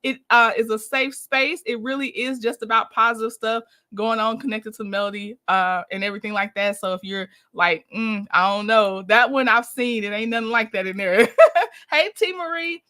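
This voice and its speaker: Woman, live-stream host, casual and chatty, high voice, upbeat greetings. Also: moderate pace, sharp tone. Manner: upbeat, greets chat viewers one by one, laughs often. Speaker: livestream host.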